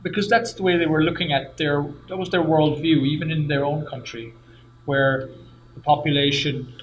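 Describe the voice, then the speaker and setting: A middle-aged Irish man, a guest singer and professor, explaining thoughtfully in a casual interview with some restarts. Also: fairly high pitch. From Ireland. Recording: echoey room with faint noise.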